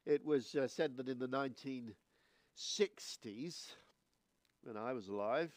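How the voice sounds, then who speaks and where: A man in his sixties with a croaky, hoarse voice, preaching a sermon and praying, measured and a little hesitant. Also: medium pitch, darkish tone, no echo. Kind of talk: sermon with scripture reading and prayer. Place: church.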